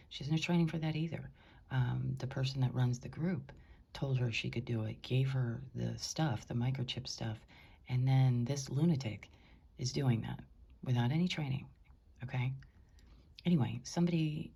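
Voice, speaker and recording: A woman speaking in a hushed, indignant way, often whispering, as she records from her bedroom on a top floor. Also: very deep voice, vocal fry, breathy edge. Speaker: concerned housemate.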